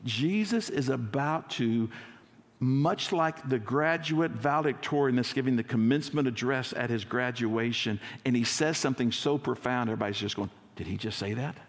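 Gravelly man preaching a sermon. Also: mid-range voice, big-room sound. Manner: conversational preaching, acts out scenes, slows for emphasis. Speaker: lead pastor.

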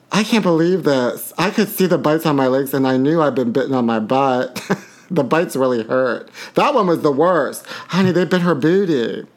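A man hosting a podcast, reading celebrity gossip aloud with sassy asides. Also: on the high side. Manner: reads tabloid items aloud with sassy asides and giggles. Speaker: podcast host. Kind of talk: campy gossip commentary.

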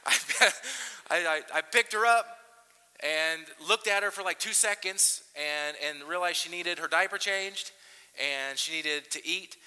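A pastor in his thirties preaches in a large church, telling stories with plenty of restarts. His voice is very bright and cutting, and it rings out with the long reverb of the hall. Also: a little high. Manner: animated storytelling with frequent restarts. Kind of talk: sermon.

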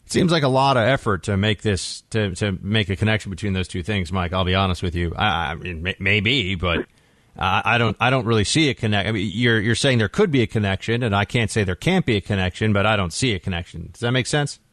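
A man hosting a radio talk show with a lowish voice, close and dry in the studio. He speaks casually and gives his opinions, stopping and restarting his sentences as he goes. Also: fairly quick, fairly bright tone, no room sound. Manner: conversational, frequent restarts, opinionated. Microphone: studio microphone.

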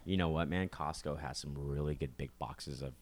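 A man's voice: rumbling low, normal speed. A young man co-hosting a podcast, chatting casually, rambling with restarts and casual swearing. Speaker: podcast co-host. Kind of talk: casual chat.

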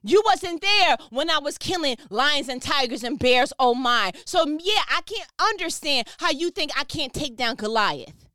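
Speaking over a phone, this woman preaches motivationally in a high-pitched, sharp voice with lively intonation, never rushing. She brings fervent, emphatic energy, drops slang, and keeps firing repeated questions, all captured in clean studio sound without any room sound.

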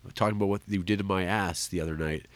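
A man's voice: sits low, fairly even intonation, fast talker, no echo. A man co-hosting a podcast, joking crudely about movies in casual chat. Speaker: podcast co-host.

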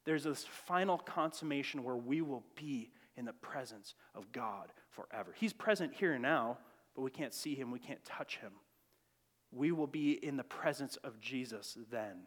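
A man preaching a sermon, reading scripture with rising emphasis and then dropping into quiet reflection, in a church sanctuary. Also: medium pitch, expressive, moderate pace. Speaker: pastor. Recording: long church reverb.

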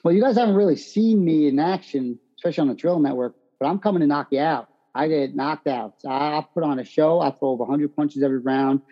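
Brash, animated boxer. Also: male voice, a little high, quick pace, hardly any pauses, muffled recording. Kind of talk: interview answers.

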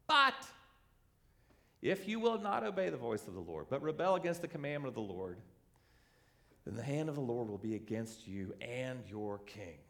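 A man preaching a sermon, animated and conversational, acting out the voices in his examples. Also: medium pitch, normal speed, creaky. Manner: animated, acts out quoted voices. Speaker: pastor.

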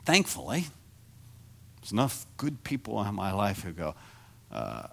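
A middle-aged man preaching a sermon as pastor, animated and self-deprecating, moving from quiet confession to near shouting. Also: lowish voice, a little slow, gravelly.

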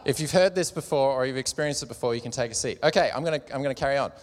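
Casual preacher in a reverberant hall. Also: male voice, medium pitch, very fast. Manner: casual, joking, conversational. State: slight cough. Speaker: preacher at a church gathering. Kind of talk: sermon with audience participation. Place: large room with a live audience.

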